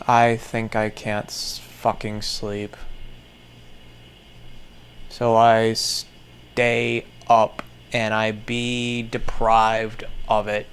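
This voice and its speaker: A man in his twenties performing a slow, anguished sung monologue, repeating his lament in a self-pitying way. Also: mid-range voice, clear, resonant tone. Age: 20s.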